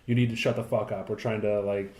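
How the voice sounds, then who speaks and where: A man's voice: on the low side, little pitch movement, quick pace, warm tone. A young man casually telling a rambling, profane story on a podcast, full of fillers. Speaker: podcast co-host. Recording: echoey room.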